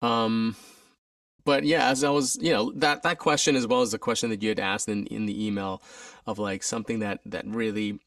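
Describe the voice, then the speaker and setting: A man's voice: moderate pace, dry recording, studio quality, recorded from a distance. A man, an alumnus and stage performer, telling a story from his career in a conversational interview, animatedly acting out the voices of others. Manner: animated, acts out quoted voices with pitch jumps.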